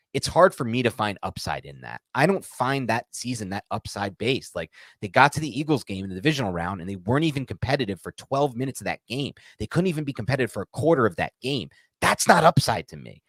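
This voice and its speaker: Fast-talking, animated male sports podcaster. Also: lowish voice, no echo. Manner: animated, rapid and frank, acting out quotes. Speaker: podcast co-host. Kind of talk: casual sports chat.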